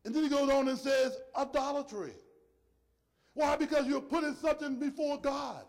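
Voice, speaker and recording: A male preacher giving an emphatic sermon, swinging between shouted points and soft, low asides. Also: fairly even intonation, moderate pace, gravelly. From rural area. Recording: long hall reverb.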